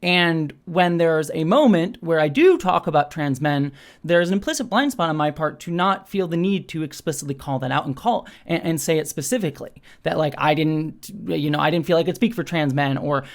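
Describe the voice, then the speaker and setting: A woman hosting her own channel, talking through a criticism in an unscripted, reflective way, with lots of fillers. She often speeds up or slows down, and her voice jumps up on words she stresses. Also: low voice, expressive. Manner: thoughtful, self-questioning, talks through ideas with frequent fillers. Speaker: channel host.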